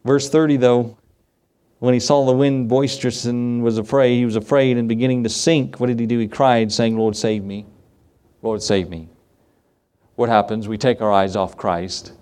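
A man preaching a sermon as pastor, animated, with rhetorical questions and conversational asides. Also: medium pitch, moderate pace, clean tone. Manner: animated preaching that acts out the quoted voices.

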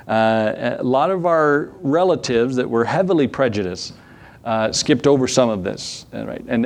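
A man's voice: mid-range voice, darkish tone. A man, a preacher in his thirties, giving a conversational sermon with scripture readings, folksy and full of rhetorical questions and chuckles.

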